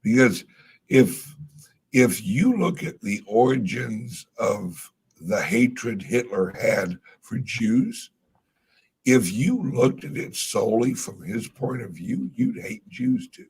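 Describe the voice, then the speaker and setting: A man's voice: medium pitch, lively intonation, slow pace, darkish tone, slightly rough. A man in casual chat, rambling through stories, trailing off and swearing casually. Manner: laid-back storytelling. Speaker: podcast co-host.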